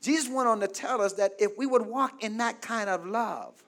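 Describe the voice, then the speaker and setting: A man pastor a sermon with call-and-response, swinging from loud exclaims to soft asides. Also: sits high, moderate pace, few pauses.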